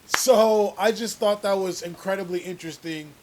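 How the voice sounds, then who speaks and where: A man's voice: sits high, moderate pace, background noise. A man talking casually to his viewers in a political vlog, rambling a little and restarting his sentences. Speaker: vlogger. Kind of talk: casual political commentary to camera.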